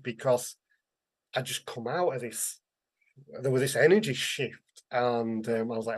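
A man's voice: mid-range voice, fairly even intonation, a little slow. A man, a guest telling his life story candidly and earnestly, acting out the voices of people he quotes. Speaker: interview guest, author.

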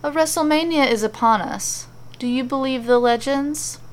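A woman voicing a cool, aloof male forest sprite who speaks in a slow, sultry, teasing way. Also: high-pitched, voice pushed up, close to an everyday voice.

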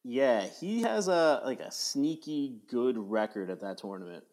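A man co-hosting a casual golf podcast, speaking in a low-key way with frequent ums and hesitations. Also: animated, measured pace, darkish tone. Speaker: podcast co-host. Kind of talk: casual chat.

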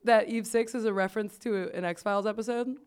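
A woman's voice: mid-range voice, steady tone, brisk, a little mellow, smooth. A young woman hosting a podcast, chatting casually, giggly and rambling. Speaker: podcast host. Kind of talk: casual chat.

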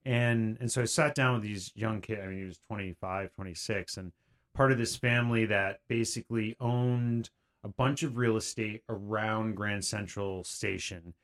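A man's voice: on the low side, steady tone, moderate pace, a bit bright. A man, guest on a podcast, telling his story in a rambling way with many fillers and restarts. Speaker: guest creator. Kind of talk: casual podcast conversation.

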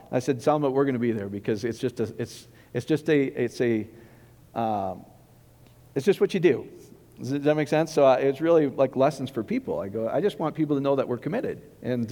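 A middle-aged male pastor preaching in a conversational, animated way, often acting out quoted voices. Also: mid-range voice. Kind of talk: sermon. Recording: echoey hall with long reverb.

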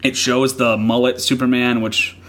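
A man co-hosting a casual podcast about comics, talking in an excited, rambling way with frequent laughs and restarts. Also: medium pitch, normal speed. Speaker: podcast co-host.

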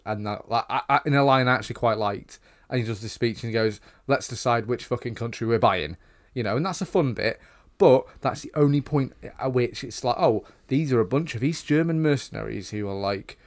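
A man's voice: mid-range voice, fairly quick. Male podcast co-host, sardonic, blunt, swears freely. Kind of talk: casual chat.

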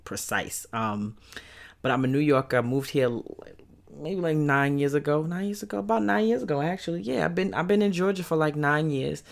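Brooklyn-accented woman in her thirties hosting her own podcast, easygoing and excitable. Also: deep voice, normal speed, gravelly. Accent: Brooklyn New York. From Brooklyn, New York. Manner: upbeat and chatty, with loud excited peaks. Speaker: podcast host. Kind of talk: casual solo podcast talk.

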